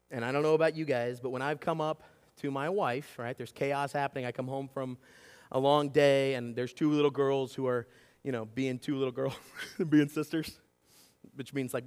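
A man in his thirties preaching a sermon, telling stories with lots of energy and often asking "right?" to the congregation. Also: a little high. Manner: animated storytelling, acts out shouting and whispering, keeps asking "right?". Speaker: pastor. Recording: long hall reverb.

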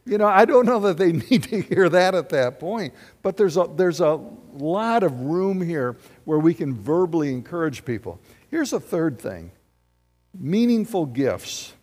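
Pastor preaching in a reverberant hall. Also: male voice, on the high side, unhurried. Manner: animated, conversational preaching with rhetorical questions. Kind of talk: sermon.

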